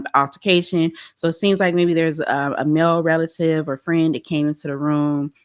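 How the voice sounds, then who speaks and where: A woman hosting a pop-culture show reacts to a clip with animated, opinionated commentary, speaking directly to her viewers. Her voice sits low.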